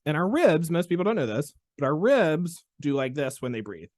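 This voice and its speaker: A man hosting a podcast as a chiropractor, telling a story in an animated, expressive way. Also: fairly high pitch, moderate pace, dry recording, studio quality. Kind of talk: casual storytelling chat.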